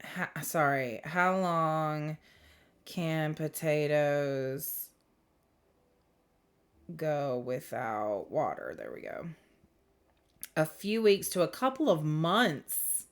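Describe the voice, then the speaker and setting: A woman's voice: low-pitched, expressive, very slow, pauses often, clean tone. Giggly, meandering woman doing a reading. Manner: rambling, giggly, self-interrupting. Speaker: spiritual reader. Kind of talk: casual intuitive reading to camera. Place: indoors under bright light. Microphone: camera close to the face.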